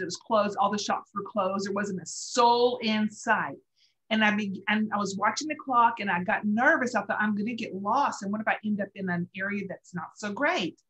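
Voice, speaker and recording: On a rough recording, a middle-aged woman with a medium-pitched, fairly bright voice co-hosts a faith talk show. She recounts a personal story earnestly and emotionally, laughing through tears now and then.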